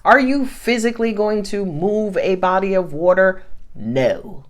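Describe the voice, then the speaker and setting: Animated woman giving a tarot reading. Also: mid-range voice, unhurried. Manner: animated, laughs often, swears casually. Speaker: tarot reader. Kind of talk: casual spoken tarot reading.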